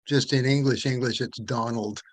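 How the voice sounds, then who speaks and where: A man's voice: medium pitch, fairly even intonation, moderate pace, no room sound. A man taking part in an online class, chatty and thinking aloud as he asks questions. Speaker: student. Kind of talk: casual class discussion. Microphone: video call.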